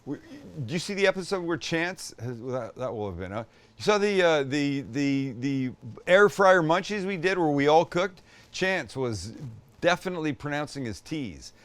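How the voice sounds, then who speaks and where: A man's voice: a little high, lively intonation, moderate pace, fairly bright tone, no echo. An older man hosting a cooking show, chatting casually with joking, self-deprecating asides as he demonstrates a recipe. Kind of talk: casual cooking demo chat.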